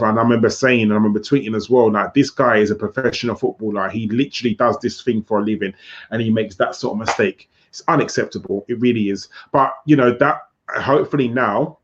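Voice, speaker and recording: A man co-hosting a football podcast, giving his views in an earnest, emphatic way and often repeating himself. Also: fairly low pitch. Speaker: podcast co-host. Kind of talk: casual football discussion. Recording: dull lo-fi sound.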